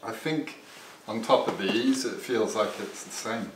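A man's voice: fairly low pitch, measured pace, distant mic. A man trades dry, teasing banter while sampling snacks. His voice comes from a little way off the mic, in an echoey room with a faint background hiss. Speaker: co-taster. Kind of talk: casual banter.

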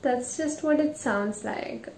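A woman's voice: sits high, slow, creaky, darkish tone, roomy sound, a little hiss or hum. A woman hosting a casual reaction video, playful and teasing as she jokes about viewer submissions.

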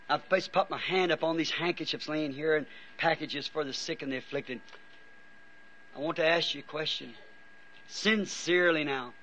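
Pleading older-sounding male preacher, high and sharp, weary, dull old tape with faint hiss. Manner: earnest, pleading, halting restarts. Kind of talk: fervent prayer and altar call. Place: church before a congregation.

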